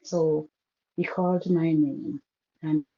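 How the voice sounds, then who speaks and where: A woman caller on a call-in show, softly and haltingly telling a painful personal story, with many restarts. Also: deep voice, steady tone. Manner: soft-spoken, halting with restarts. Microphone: phone call. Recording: muffled poor phone line.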